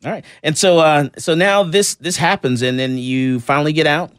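A man hosting a radio talk show, asking follow-up questions in a relaxed conversational way. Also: a little high, moderate pace, clear, resonant tone, no room sound, clean studio sound. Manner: conversational, asks follow-up questions, laughs easily. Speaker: host. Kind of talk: casual interview talk.

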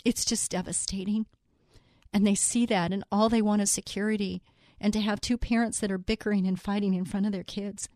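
A woman hosting a faith talk show, speaking in an earnest, personal way, quoting scripture and slowing down to stress key words. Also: medium pitch, steady tone, darkish tone. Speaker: show host.

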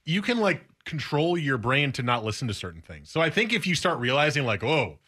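A man's voice: a little high, sing-song, a little fast, sharp tone. A man co-hosting a sports radio show, talking casually and joking with his colleagues in the studio. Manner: joking, talkative.

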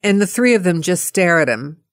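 A middle-aged woman telling a personal anecdote in a playful, animated way. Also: lowish voice, moderate pace, dry recording, studio quality. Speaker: storyteller.

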